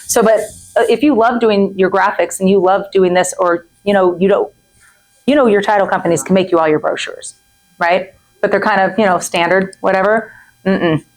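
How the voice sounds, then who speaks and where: A woman's voice: mid-range voice, moderate pace, low-quality recording. A woman in her forties giving a chatty masterclass talk to a group, often checking in with "right?" and "okay?" and acting out quoted people. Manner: frequent "right?" and "okay?" asides. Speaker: real estate coach.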